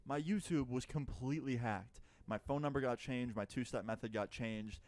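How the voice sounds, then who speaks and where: A man recounts a personal story in a relaxed, mellow voice, chatty and profane. He acts out each side of the dialogue himself. The recording sounds dry and close. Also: mid-range voice, moderate pace, no room sound. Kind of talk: casual storytime narration.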